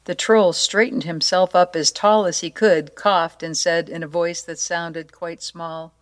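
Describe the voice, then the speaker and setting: A woman with a slightly low voice reads a storybook aloud with playful expression. Her delivery is warm-hearted and easy to follow. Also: steady tone, measured pace, few pauses. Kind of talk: storybook narration and short devotional.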